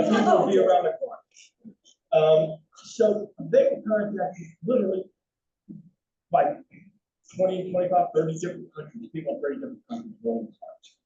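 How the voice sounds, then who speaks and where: Older man telling lively lecture anecdotes. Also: sits high. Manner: animated anecdotal storytelling with frequent restarts. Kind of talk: storytelling lecture with slides. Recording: roomy, distant, dull hall recording.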